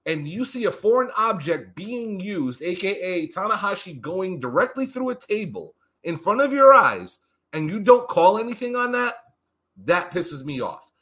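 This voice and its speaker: A man casually recapping a wrestling show on a podcast, animated and profane, acting out what the wrestlers said. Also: sits high, normal speed. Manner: animated, profane, acts out quotes. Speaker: podcast co-host.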